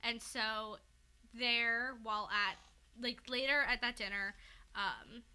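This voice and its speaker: A young woman talks through a story on a casual podcast, rambling and animated, with lots of filler words and swearing. Her voice is very bright and sits a little high. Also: slow, clear, resonant tone. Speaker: podcast co-host recapping a fanfic. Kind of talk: casual chat.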